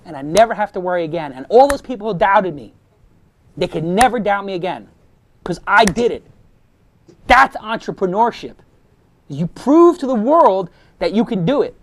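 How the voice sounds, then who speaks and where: Punchy, high-voiced male storyteller. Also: moderate pace. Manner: animated, punchy storyteller with sound effects. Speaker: host giving a talk to students. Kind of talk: motivational storytelling.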